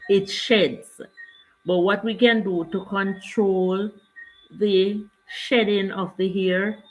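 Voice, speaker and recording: A woman's voice: lowish voice, low-quality recording. An older woman, chatting casually on her livestream and greeting viewers by name. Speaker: livestream host.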